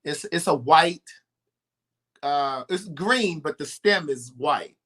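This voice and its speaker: Bright-voiced chatty man from Baltimore. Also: a little high, slow, breathy edge. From Baltimore, USA. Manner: animated, chatty, laughs often. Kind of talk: casual chat.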